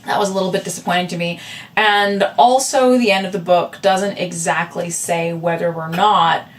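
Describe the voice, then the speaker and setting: A woman's voice: on the low side, fairly even intonation, moderate pace, distant mic. A woman vlogger and artist talking casually to camera, rambling with lots of fillers and asides. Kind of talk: casual chatty vlog. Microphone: camera with a separate audio backup.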